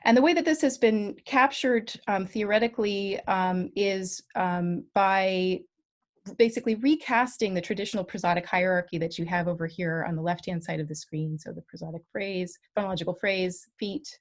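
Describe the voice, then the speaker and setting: A woman's voice: mid-range voice, moderate pace. A woman giving an academic linguistics talk online, explaining slides carefully with frequent ums and self-corrections. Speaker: guest lecturer.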